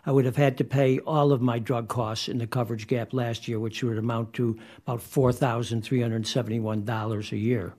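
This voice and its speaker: A man in his eighties, a retiree testifying at a hearing, reading his prepared statement in an earnest, measured way and repeating points for weight. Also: medium pitch, flat delivery, darkish tone. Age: 80s. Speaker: witness at a hearing.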